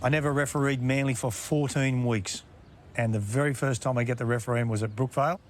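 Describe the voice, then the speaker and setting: A man, a former referee telling stories in a relaxed interview and chuckling at his own anecdotes. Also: mid-range voice, fairly quick, a little hiss or hum. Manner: laid-back yarn-spinner, acts out quotes, chuckles. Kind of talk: casual storytelling interview.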